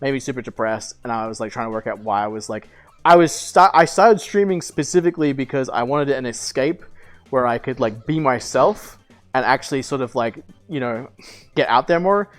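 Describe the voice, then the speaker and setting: A man's voice: mid-range voice, expressive, normal speed, faint music behind. A young man streaming, casually telling a long story with lots of "like" fillers, swearing and laughter.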